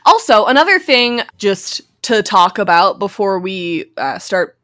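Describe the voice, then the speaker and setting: A woman's voice: medium pitch, sing-song, measured pace, a bit bright. A young woman co-hosting a podcast in easygoing casual chat, often agreeing and chiming in. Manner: easygoing, with frequent affirmations. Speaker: podcast co-host.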